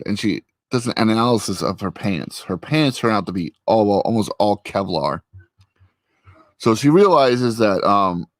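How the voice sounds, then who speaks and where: Man, casual chat, rambling recap, many fillers, lively intonation, dry recording. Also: fairly low pitch, no echo. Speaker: vlogger recapping a TV episode. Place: at a computer with a friend.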